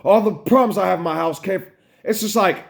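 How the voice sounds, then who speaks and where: Male American vlogger, higher-pitched, upset and rambling, profane rant to camera. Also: fairly quick, vocal fry. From United States. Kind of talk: emotional personal vlog rant.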